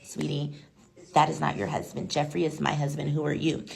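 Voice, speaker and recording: A woman's voice: low voice, little pitch movement, fairly quick, creaky. A woman voicing a sassy, protective husband who dismisses a stranger at his door.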